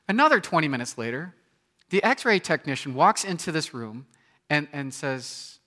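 A man in his thirties delivers a sermon as a pastor, telling stories with lively energy and acting out scenes with sudden loud outbursts. His voice is bright and forceful and sits fairly high. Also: a little fast. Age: 30s.

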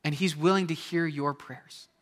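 A man in his thirties preaching a sermon, telling a personal story with animated storytelling and acting out scenes with sudden loud outbursts. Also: fairly high pitch, normal speed. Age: 30s. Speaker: pastor.

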